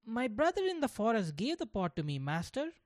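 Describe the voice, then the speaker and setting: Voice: very animated, brisk, dry recording, natural voice. A storyteller voicing an innocent, earnest young boy in a children's storybook. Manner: pleading, high and earnest.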